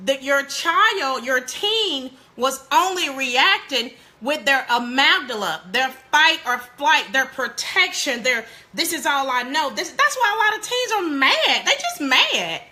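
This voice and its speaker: A woman hosting a live parenting talk, animated and preachy, laughing often and speaking straight to her viewers. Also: high-pitched, measured pace, hardly any pauses. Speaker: parenting show host.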